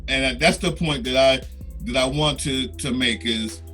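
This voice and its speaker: Bright-voiced man pushing back in debate. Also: medium pitch, normal speed, soft background music. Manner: conceding, then pushing back insistently. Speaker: podcast co-host. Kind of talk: casual debate on a podcast.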